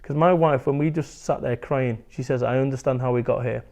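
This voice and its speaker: With a warm, medium-pitched voice touched by vocal fry, an English motivational speaker talks briskly in a candid interview. He's blunt and animated, swearing freely as he goes.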